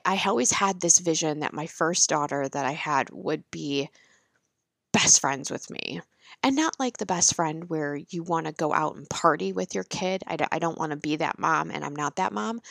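A woman's voice: lowish voice, vocal fry, dry recording. A woman, telling frank, profane stories about motherhood in a candid monologue. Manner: frank, profane, animated storytelling.

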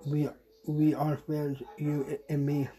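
A podcast host talks slowly in an earnest, deliberately sad voice, stumbling and repeating words as they go. The tone stays mellow and flat, with little rise or fall. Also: medium pitch, low-quality recording. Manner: halting and repetitive, restarting phrases. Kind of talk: personal spoken message to a friend.

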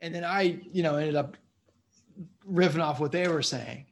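A male comedian chatting as a guest, his voice sitting a little higher than most men's. He rambles through his stories with lots of fillers and keeps checking in with the listener. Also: normal speed, vocal fry. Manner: rambling storyteller, keeps saying "you know what I mean". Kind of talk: casual interview chat.

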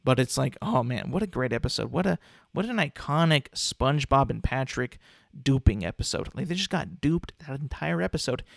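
A man's voice: mid-range voice, animated, moderate pace, gravelly, dry recording, studio quality. A man in his twenties casually talking through his opinions on cartoon episodes, rambling with frequent restarts and filler words. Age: 20s. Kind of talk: casual commentary on a cartoon ranking.

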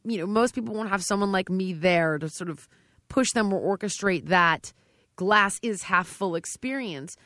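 This middle-aged woman, a fitness trainer, talks in a medium pitch during a conversational interview. She's direct and emphatic, acting out quoted dialogue with animation, and the studio recording is clean with no room sound.

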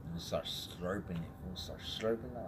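A man's voice: low-pitched, moderate pace, noisy background. A young man telling a long story in casual chat with friends, repeating phrases and dropping in Spanish words. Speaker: podcast co-host.

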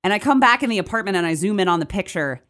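A young adult woman co-hosting a podcast, telling a story in casual chat with animated delivery. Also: medium pitch, racing. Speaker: podcast co-host.

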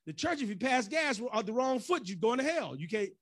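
Man, pastor, high voice, casual joking sermon. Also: big pitch swings, brisk, fairly bright tone. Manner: loose and joking, slips into church voices. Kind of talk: conversational sermon.

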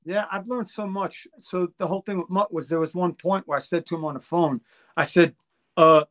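A man's voice: high voice, steady tone, a little fast. An older man telling a story in casual chat, acting out quoted voices and swearing freely. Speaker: guest musician.

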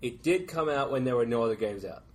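A man at a mid pitch, dry and understated, chatting casually on a podcast. Faint noise runs behind his voice. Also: lively intonation, fast, a little mellow. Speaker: podcast co-host. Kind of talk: casual chat.

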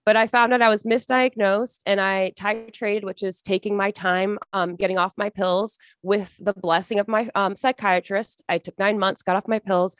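A woman's voice: mid-range voice, steady tone, normal speed, hardly any pauses, dry recording, clean studio sound. A young woman being interviewed as a podcast guest, telling her story in an earnest, emotional, rambling way with many restarts.

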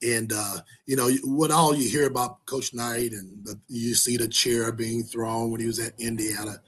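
A man's voice: mid-range voice, steady tone, moderate pace, breathy edge. A man, a basketball coach guest, telling a story in a rambling, folksy way. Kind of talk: casual chat.

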